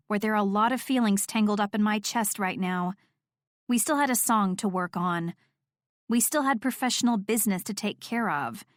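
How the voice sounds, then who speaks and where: A woman narrates a first-person romance audiobook in an even, wry, reflective voice. Her pitch sits mid-range. The studio recording is close and dry. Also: dry recording.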